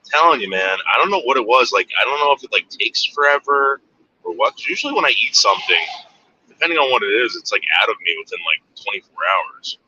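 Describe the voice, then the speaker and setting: A man's voice: mid-range voice, lively intonation, quick pace, bright, forceful tone, breathy edge, dull audio. Brash, tense-voiced American man rambling. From United States. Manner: crude, meandering, offhand. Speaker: livestream host. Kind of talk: casual rambling monologue.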